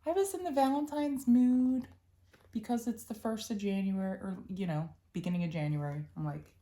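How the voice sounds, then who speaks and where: A woman's voice: medium pitch, normal speed, dark tone. A young woman from Philadelphia with a Philly accent, chatting casually and rambling about her stitching projects, with lots of ums and restarts. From Philadelphia, USA. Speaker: cross-stitch vlogger.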